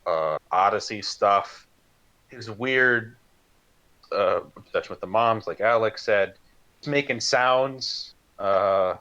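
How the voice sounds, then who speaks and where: A man's voice: on the low side, slow, pushed and bright, highs cut off. A man joining a casual live-streamed book club discussion, adding wry, joking asides.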